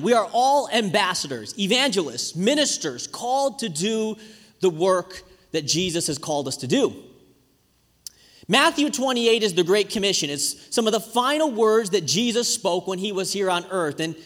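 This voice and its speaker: A man, a pastor preaching a sermon with lively, conversational storytelling. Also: high voice. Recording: reverberant hall.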